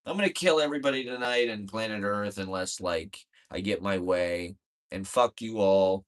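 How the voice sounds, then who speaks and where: A man's voice: on the low side, normal speed, lightly acted. A man voicing a petulant old male politician, whining, profane and threatening.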